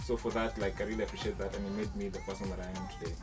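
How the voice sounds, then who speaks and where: A man's voice: fairly low pitch, level tone, rapid-fire, over music. A man, earnestly thanking his father for his schooling. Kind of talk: casual personal recollection.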